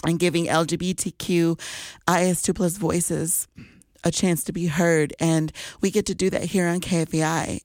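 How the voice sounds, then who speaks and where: A woman radio DJ speaking into a studio microphone, her voice low and smooth. She gushes with excitement and emotion between songs. The sound is dry and close. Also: dry recording. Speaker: radio host. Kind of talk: radio DJ show patter.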